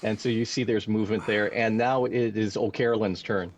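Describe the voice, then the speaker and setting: A man running a tabletop game as dungeon master, calmly describing the scene step by step. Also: lowish voice, fairly quick, a little hiss or hum.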